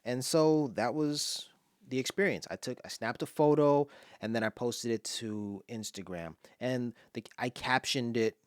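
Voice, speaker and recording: A man's voice: mid-range voice, unhurried, smooth, dry recording, studio quality. A man from Los Angeles giving casual spoken commentary on his own poem, telling stories with voiced asides and sometimes dropping to a whisper.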